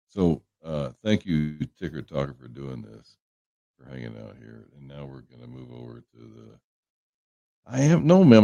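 Deep gravelly man rambling on a livestream. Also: warm tone, no echo, muffled recording. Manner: rambling, joking, greets viewers by name. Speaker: livestream host. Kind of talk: casual chat with viewers. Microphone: headphones on a livestream setup.

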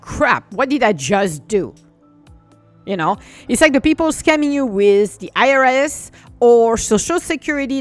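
A woman telling a story in a casual, exasperated rant. She uses mild curses and keeps saying "blah, blah, blah.". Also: fairly high pitch.

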